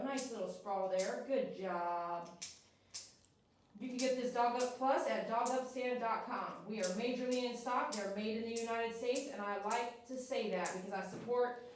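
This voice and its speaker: A woman's voice: on the high side, distant mic, a little hiss or hum. Coaxing woman in an echoey room. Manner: soothing, coaxing, repeats herself to the dog. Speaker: dog groomer. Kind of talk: casual talk while grooming a dog. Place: grooming room.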